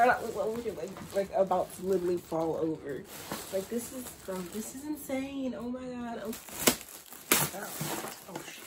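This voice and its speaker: A teenage girl unboxing gifts in a casual vlog, excitable and gushing, swinging from loud exclamations to hushed gasps with slangy chatter. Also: medium pitch, normal speed, background noise. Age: teens. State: tearful at moments. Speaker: vlogger.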